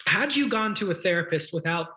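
A man's voice: high voice, lively intonation, fairly quick, bright, forceful tone. A man hosting an interview, reflecting thoughtfully and asking questions. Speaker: podcast host. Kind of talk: conversational interview.

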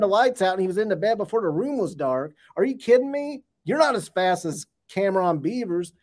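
A man co-hosting a sports podcast, talking excitedly about recruits with joking trash talk and rapid bursts. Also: high voice. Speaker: podcast co-host.

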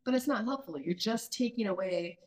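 A woman's voice: medium pitch, animated, brisk. A woman in her mid-thirties hosting a parenting podcast, talking earnestly and thinking aloud with many restarts. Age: mid-30s. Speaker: podcast host. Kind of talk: casual parenting podcast chat.

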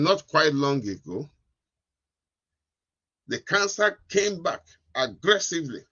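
A man's voice: fairly high pitch, very animated, slow, sharp tone, husky, dry recording, dull audio. A man pastor delivering a sermon, repeating his lines for emphasis. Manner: repetitive, emphatic preaching.

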